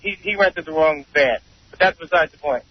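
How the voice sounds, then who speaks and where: A man's voice: on the high side, fairly quick, a little hiss or hum. A man calling in to a radio show, insistent and matter-of-fact as he explains the law. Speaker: caller, state trooper. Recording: dry, muffled phone-in sound.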